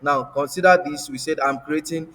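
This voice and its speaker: A man with a fairly high voice teaches a coding lesson, pausing to throw out rhetorical "what?" questions for the class to fill in. His voice rings with a long reverb, as if he is recording in a bare room. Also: fairly even intonation, a bit bright. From Africa. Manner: repetitive, asks rhetorical "what?" prompts. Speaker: coding instructor. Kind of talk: screen-share coding lesson.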